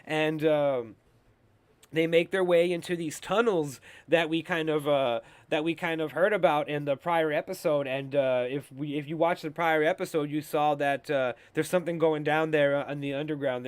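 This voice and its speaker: Recapping TV episodes on his show, this young male host rambles loosely and casually, swearing heavily and using lots of fillers. His voice is a little high and smooth, with fairly even intonation and a normal speed, and there is no room sound.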